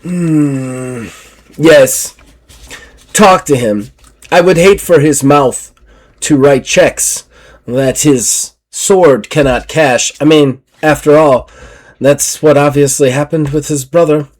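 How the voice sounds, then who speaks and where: A man voicing a stern, pious male officer and villain in a tabletop game, speaking low, slow and grave. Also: a little mellow. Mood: suspicious.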